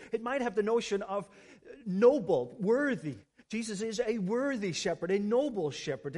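Male pastor, high voice, earnest sermon delivery with rhetorical questions. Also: darkish tone. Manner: earnest, asks rhetorical questions, some restarts.

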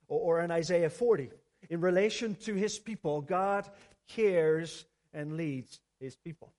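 A man's voice: fairly high pitch, unhurried, darkish tone. A man preaching a sermon, earnest, often asking the congregation rhetorical questions. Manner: earnest, asks rhetorical questions, some restarts. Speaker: pastor.

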